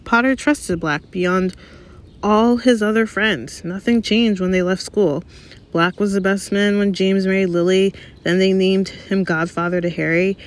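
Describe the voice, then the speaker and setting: A woman reading aloud, voicing a pompous, portly male government minister in a smooth, self-important way. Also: medium pitch, fairly even intonation, a little slow, lightly acted. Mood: pompous, grave. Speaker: reader. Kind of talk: read-aloud audiobook.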